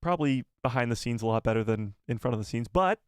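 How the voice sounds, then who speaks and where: A man's voice: medium pitch, expressive, fast talker, clean tone, dry recording, clean studio sound. A man hosting a casual live stream, joking with his chat and mocking himself.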